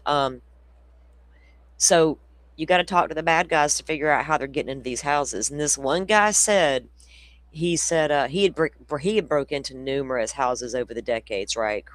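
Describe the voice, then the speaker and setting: A man with a drawl talks casually to his viewers. He rambles through stories, laughs often and swears without a second thought. His voice sits a little high, and the recording is dry and close, with no room sound. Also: moderate pace, fairly bright tone, dry recording. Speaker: true crime livestream host.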